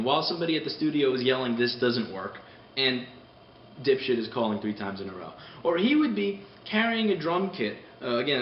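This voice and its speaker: A man casually ranting on a vlog, animated, rambling and profane, heard from a distance. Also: mid-range voice, a little hiss or hum. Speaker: repair shop owner vlogging. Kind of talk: casual spoken rant. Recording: distant mic in a roomy space, dull sound.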